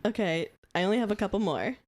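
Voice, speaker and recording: A woman's voice: medium pitch, animated, fast, darkish tone. A woman co-hosting a podcast, reading out captions in casual chat and often breaking into giggles. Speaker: podcast co-host.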